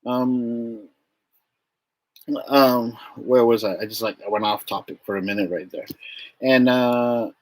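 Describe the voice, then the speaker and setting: A man chatting casually on a live stream about teaching English in Japan, acting out classroom exchanges in lively bursts. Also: slow pace, pauses often, no echo. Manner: animated, acts out classroom exchanges with big pitch jumps.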